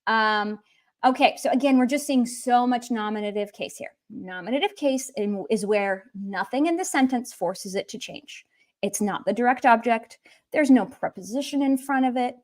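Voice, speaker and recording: A woman's voice: fairly high pitch, normal speed. An English-speaking woman teaching Russian in a casual livestream lesson. She keeps it humorous and lighthearted and moves between English and Russian.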